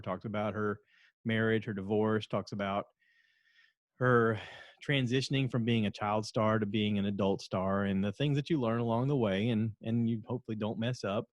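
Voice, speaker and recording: A man's voice: on the low side, dry recording, studio quality. A middle-aged man hosting a solo podcast, chatting casually in a rambling, self-deprecating way. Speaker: podcast host.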